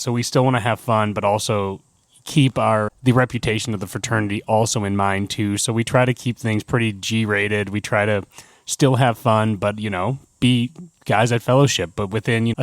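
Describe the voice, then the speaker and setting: A man's voice: lowish voice, dry recording. A man from Wisconsin co-hosting a casual podcast, chatty and full of fillers. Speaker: podcast co-host.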